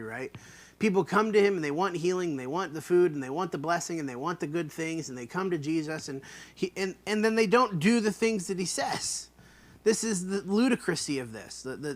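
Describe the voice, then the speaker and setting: A man teaching an online Bible study in an earnest, emphatic way, repeating points to stress them. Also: fairly high pitch.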